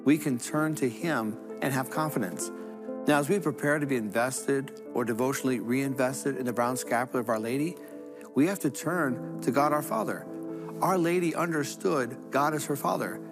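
Male catholic priest giving a homily, mid pitch, keeps repeating lines, faint music behind. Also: normal speed. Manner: earnest storytelling preacher, repeats phrases for emphasis. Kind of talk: sermon.

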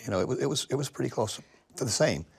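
An older man, a guest in an interview, speaking haltingly and repeating words as he searches for what to say. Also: medium pitch, expressive, gravelly. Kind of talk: casual conversation.

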